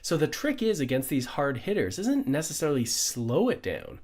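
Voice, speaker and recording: A man's voice: a little high, big pitch swings, moderate pace, a little mellow, a little hiss or hum. A middle-aged man, a pickleball coach, giving an upbeat conversational lesson full of rhetorical questions. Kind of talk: instructional explainer.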